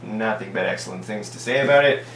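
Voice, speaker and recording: Guy doing a sarcastic card review, over-the-top fake praise, echoey room with a soft hum. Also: fairly low pitch, fast talker. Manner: mock-enthusiastic, ironic over-praise of every card. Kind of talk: casual set review, reading card text aloud. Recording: echoey room, distant mic, faint hum.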